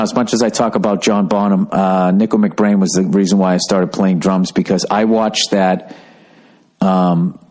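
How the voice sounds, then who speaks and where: Middle-aged male podcast host, low-ish voice, rambling and profane, enthusiastic solo monologue. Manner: rambling, swears freely, excitable and enthusiastic.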